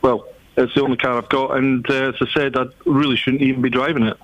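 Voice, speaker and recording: A man's voice: medium pitch, flat delivery, quick pace, no room sound, lo-fi sound. A man calling in to a radio show, telling his story in a plain, matter-of-fact way. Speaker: caller. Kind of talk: phone-in call.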